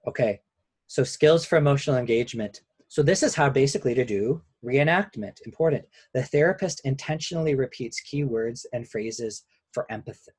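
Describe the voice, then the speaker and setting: A man who is a couples therapist, giving a measured, explanatory webinar lecture and slowing down on key points. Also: mid-range voice, a little mellow, slightly rough, no room sound.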